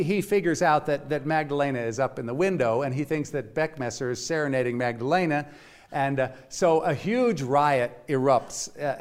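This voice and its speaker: A man giving a classroom lecture to a live audience, explaining in a chatty way and walking listeners through examples. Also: a little high. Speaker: music lecturer.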